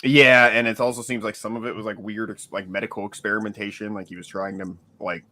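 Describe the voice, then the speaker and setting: A man's voice: on the low side, little pitch movement, quick pace, bright, forceful tone. A man co-hosting a casual podcast chat, rambling and laughing often, with many fillers like "like". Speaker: podcast co-host.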